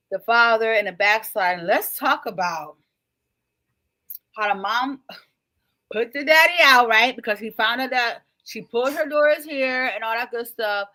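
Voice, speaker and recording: A woman's voice: fairly high pitch, expressive, measured pace, long pauses, pushed and bright. A woman hosting a book club chat, talking expressively and with enthusiasm. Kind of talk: casual chat.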